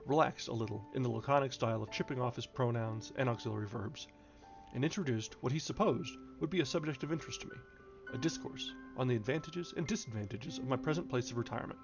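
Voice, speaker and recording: A man reading a classic novel aloud on a stream, at a measured pace with occasional stumbles and restarts. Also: mid-range voice, creaky, lo-fi sound, music in the background. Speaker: reader, streamer.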